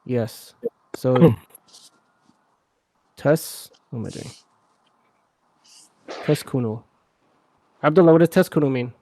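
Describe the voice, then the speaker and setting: A man's voice: medium pitch, slow, pauses often, dark tone, dry recording. A man teaching a casual live language class, chatty and often checking that students follow. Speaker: Arabic teacher.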